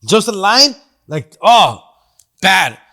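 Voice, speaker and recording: High, bright LA comedian. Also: male voice, slow pace, creaky. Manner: slangy, profane, animated storyteller; answers listener questions. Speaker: comedian podcast host. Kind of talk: casual comedic storytelling.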